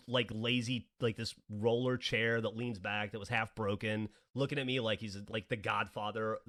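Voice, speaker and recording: A man's voice: lowish voice, a bit bright. A man in his forties telling funny stories on a podcast, swearing and laughing often and acting out the people he quotes. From American South. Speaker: podcast co-host. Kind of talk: casual storytelling.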